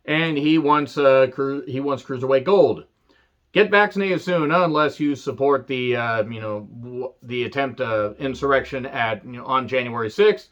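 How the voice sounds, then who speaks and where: A man's voice: fairly high pitch, a bit bright, muffled recording. A man reviewing a wrestling show in a casual, rambling way, sarcastic and full of profanity.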